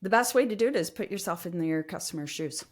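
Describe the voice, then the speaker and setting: A woman who is a guest consultant in a casual interview, explaining her work in a lively manner with many fillers. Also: on the low side, quick pace. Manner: explanatory, lively, uses fillers like um and you know. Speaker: customer experience consultant, guest.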